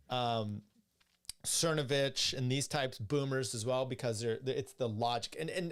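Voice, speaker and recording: A political podcast host with a medium-pitched voice reads articles and viewer questions aloud, then comments bluntly. His delivery rambles, with many restarts and some swearing.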